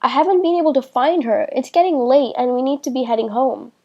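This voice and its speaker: An eager young boy in a read-aloud storybook, voiced by a woman with a high, mellow tone. He calls out and frets in a brighter, raised child's voice. The reading is gentle and plain. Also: brisk. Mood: worried.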